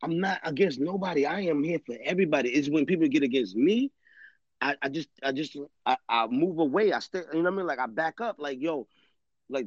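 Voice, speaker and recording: A man's voice: on the high side, no echo. A man hosting a live stream, rambling casually in street slang and swearing often. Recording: dull lo-fi dry audio.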